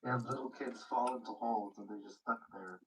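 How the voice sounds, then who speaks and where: A man's voice: on the low side, fairly even intonation, brisk, gravelly, a bit bright, a little hiss or hum. A man joining a live stream chat, meandering and trailing off when he loses his point. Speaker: stream guest. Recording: voice from far off the mic.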